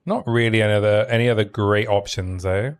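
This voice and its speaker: A man's voice: on the low side, steady tone, fairly quick, clear, resonant tone. A man streaming a game in a casual, chatty way, thinking aloud and reading out item stats as he plays. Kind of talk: casual gaming stream commentary.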